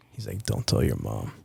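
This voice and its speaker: Gravelly low-voiced man, from Nicaragua. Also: darkish tone, dry recording. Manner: candid and profane, addresses host as dude and bro. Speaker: podcast guest. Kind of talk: personal storytelling in casual conversation.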